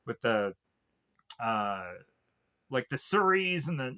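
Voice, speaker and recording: A man's voice: mid-range voice, big pitch swings, slow pace, long pauses, sharp tone, clean tone. A young man casually recapping a film scene by scene, rambling and joking, laughing at his own gags and slipping into silly voices for the characters. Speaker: movie reviewer. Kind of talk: casual comedic recap with goofy quoted asides.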